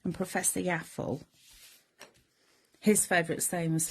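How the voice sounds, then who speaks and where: A woman's voice: low voice, level tone, moderate pace, breathy edge. A middle-aged woman chattily talking through a papercraft demonstration step by step and chatting with viewers. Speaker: craft demonstrator. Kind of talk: chatty live crafting demonstration.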